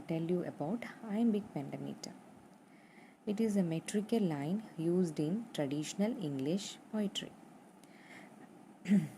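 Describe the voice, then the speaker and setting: A young woman teaching a literature lesson, going over points slowly and repeating them with fillers. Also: fairly low pitch, mellow, a little hiss or hum, poor audio. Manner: slow and repetitive, spelling out points with fillers.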